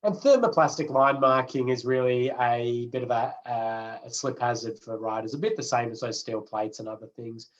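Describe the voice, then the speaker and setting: A man's voice: mid-range voice, normal speed, few pauses, muffled recording. A chatty man lecturing an online course. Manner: relaxed, chatty, with many fillers and restarts. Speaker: road safety trainer.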